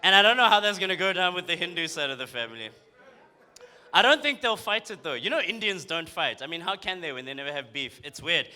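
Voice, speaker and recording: Young man, South African accent, stand-up comic, high voice, bright tone, punchy and teasing. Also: fast. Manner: punchy, animated, teasing the crowd. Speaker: stand-up comedian. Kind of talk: stand-up comedy set. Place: comedy club stage.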